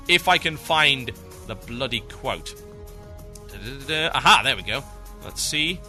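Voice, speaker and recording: A man's voice: a little high, normal speed, faint music behind. A man from northern England hosting a gaming podcast, talking casually and acting out the voices in his stories. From Newcastle, England. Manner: animated, acts out quoted voices. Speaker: podcast host.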